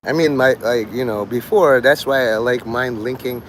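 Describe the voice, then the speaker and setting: A man's voice: mid-range voice, moderate pace, slight background noise. A man rambling to his livestream chat, swearing, joking and laughing often.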